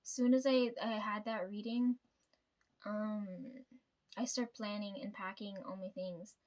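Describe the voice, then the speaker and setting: A woman's voice: mid-range voice, level tone, unhurried, a little mellow. A young woman vlogging casually to her viewers, venting about family with lots of swearing and "right?" tags. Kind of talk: casual personal vlog.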